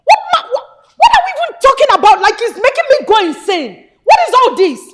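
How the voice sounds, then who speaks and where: A woman's voice: extremely high pitch, big pitch swings, full character voice. A young adult woman with a Nigerian accent playing an angry grown daughter who scolds her family in a film drama. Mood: furious. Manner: indignant, sharp, rapid scolding.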